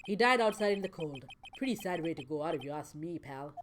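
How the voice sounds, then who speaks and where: A woman voicing a gruff, friendly male police detective from a video game, folksy and plain-spoken. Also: sits low, expressive, brisk, noisy background, pitched below the performer's own voice. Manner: folksy, says "pal".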